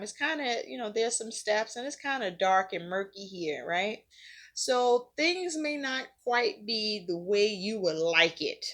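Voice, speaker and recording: A woman giving a casual tarot reading to her viewers. She talks conversationally, repeats herself often, uses a lot of fillers and swears casually now and then. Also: mid-range voice. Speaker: tarot reader.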